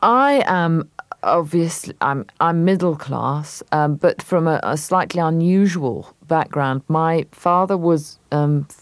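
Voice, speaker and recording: An English actress as a radio interview guest, telling stories thoughtfully with many hesitations. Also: female voice, deep voice, slow pace, dry recording.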